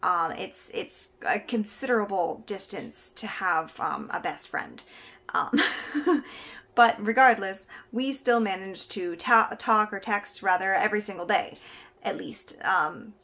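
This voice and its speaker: A woman's voice: mid-range voice, a little slow, vocal fry, a bit bright. A young woman from Canada telling a funny personal story to camera in a casual, chatty way, laughing now and then. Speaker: vlogger.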